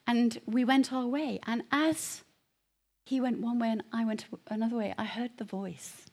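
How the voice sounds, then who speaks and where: A middle-aged woman giving a personal testimony to a congregation, telling her story dramatically and dropping to hushed whispers before rising to loud emphasis. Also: fairly high pitch, steady tone, measured pace. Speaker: guest speaker giving testimony.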